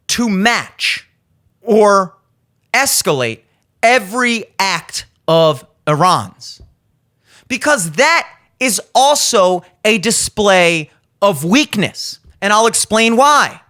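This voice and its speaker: A man's voice: high-pitched, sing-song, slow pace, pushed and bright. A man in his thirties hosting a podcast, giving blunt, profane opinion commentary and acting out the people he quotes. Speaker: podcast host. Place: studio.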